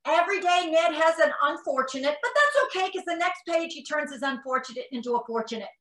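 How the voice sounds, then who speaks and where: A middle-aged woman gives an animated talk to parents, slipping into little acted-out dialogues between parent and child. Her voice is bright and a touch high, and it rings in a roomy space. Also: quick pace. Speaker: parenting expert speaker.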